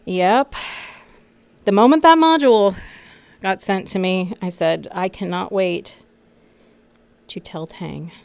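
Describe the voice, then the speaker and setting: A woman streaming a role-play game in a VR headset, teary and sniffling, murmuring quietly as she chats between scenes. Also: medium pitch, slow pace, vocal fry, pauses often, clean tone, no room sound. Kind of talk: casual chat between scenes. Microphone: VR headset mic.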